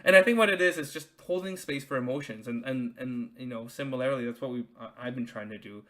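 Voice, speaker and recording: Rambling young dad podcast host. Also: male voice, mid-range voice, fast, fairly bright tone. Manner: rambling, heavy with fillers and restarts. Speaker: podcast host, new father. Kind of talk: casual podcast conversation.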